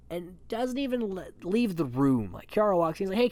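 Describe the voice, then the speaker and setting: A man's voice: a little high, animated, fairly quick, few pauses, a little mellow, no echo. Casual guy recapping reality tv, offhand, chuckles a lot, swears here and there. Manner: offhand and chatty, swears freely; chuckles often between points. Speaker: reality show recap host.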